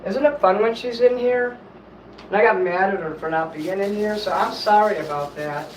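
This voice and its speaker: A man's voice: sits high, moderate pace, a little hiss or hum, poor audio. Rambling man streaming from home. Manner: rambling, apologetic, swears casually. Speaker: livestream host reading chat. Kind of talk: casual livestream chat while eating.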